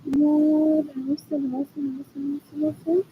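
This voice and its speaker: A woman's voice: high voice, little pitch movement, moderate pace, phone-quality sound, background noise. A woman talking alone to camera in a drifting, repetitive monologue, slipping in Spanish phrases. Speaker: vlogger. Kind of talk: rambling monologue.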